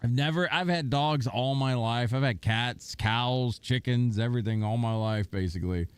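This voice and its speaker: A man chatting casually on a livestream, telling stories with animation and cooing softly at his dog. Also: medium pitch, normal speed, clean tone, no room sound. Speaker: gaming streamer.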